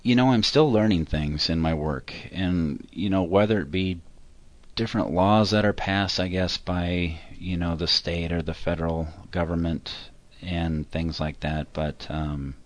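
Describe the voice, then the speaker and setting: A man answering interview questions about himself and his accounting work, talking in a halting, rambling way that keeps correcting itself. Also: sits low, steady tone, dry recording.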